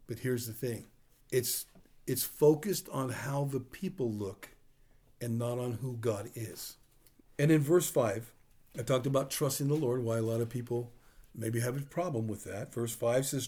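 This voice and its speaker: A man's voice: mid-range voice, a little slow, dark tone. A man preaching a sermon in a conversational, storytelling way, acting out the dialogue of the people in his stories. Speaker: pastor.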